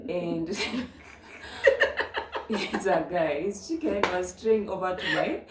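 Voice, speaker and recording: A young woman with a Kenyan accent chatting casually as host, telling animated stories mixed with Swahili phrases. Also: on the low side, takes it slowly, background noise. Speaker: channel host. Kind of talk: casual chat. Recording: echoey room.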